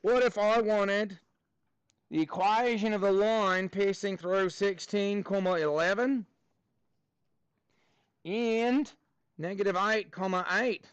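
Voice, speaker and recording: A man teaching a math lesson in a classroom, his voice pitched high and recorded close and dry. He is playful and jokey as he works through problems, now and then throwing in mock Australian slang. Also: steady tone, takes it slowly, long pauses, clear, resonant tone, no echo, muffled recording.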